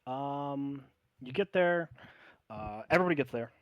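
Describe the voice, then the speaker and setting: A man narrating a tabletop game as game master, relaxed and rambling with lots of fillers. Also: mid-range voice, measured pace, no echo, highs cut off.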